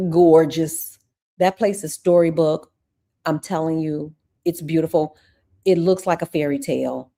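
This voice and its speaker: Chatty mellow-voiced woman host. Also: deep voice. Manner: effusive, chatty, calls viewers "y'all". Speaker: channel host; former teacher. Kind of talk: casual livestream chat with viewers.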